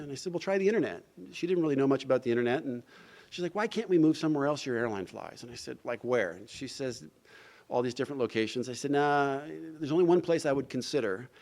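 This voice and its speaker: A man's voice: medium pitch, a little mellow. A middle-aged man from New Jersey giving a recovery talk, telling his story and acting out the dialogue, with frequent "you know" asides. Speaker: recovery speaker. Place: event hall.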